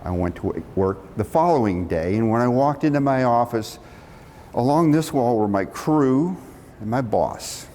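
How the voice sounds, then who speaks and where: Middle-aged guy telling a story, acts out the voices, big echoey hall. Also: unhurried. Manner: animated storyteller acting out quotes. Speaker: speaker telling his career story. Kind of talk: storytelling talk. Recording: long reverb of a hall, faint rumble.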